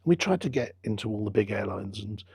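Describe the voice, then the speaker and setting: A middle-aged man, a business founder telling his story in an interview with lively quoted dialogue. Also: fairly low pitch, brisk, slightly rough, dry recording. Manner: chatty anecdotal storyteller, acts out quoted dialogue. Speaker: business founder and football club owner, guest.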